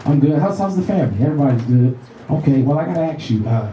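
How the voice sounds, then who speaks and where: A man in his thirties doing a profane, animated stand-up set in a comedy club, acting out voices as he tells stories. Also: a little high, a little fast, long pauses, background noise. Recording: roomy club sound from a distant mic.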